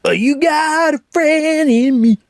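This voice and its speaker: A man's voice: very high-pitched, slow, dry recording, clean studio sound, voice pushed up, heavily acted. A young man in his twenties doing a sung impression of an older male singer-songwriter, warbling a ballad in an exaggerated, stretched-out croon.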